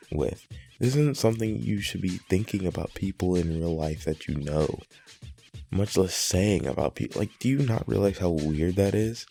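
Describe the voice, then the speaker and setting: A man's voice: deep voice, creaky, a little mellow. A man hosting reaction commentary, exasperated and rambling with many fillers. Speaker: commentary host.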